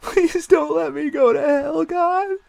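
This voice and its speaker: A man's voice: extremely high pitch, steady tone, takes it slowly, creaky, a little mellow, dry recording, voice pushed up, exaggerated voice. A man voicing a panicked, guilt-stricken nameless man who pleads in a cracking, whining voice. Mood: pleading. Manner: frantic, pleading, voice cracking into a whine.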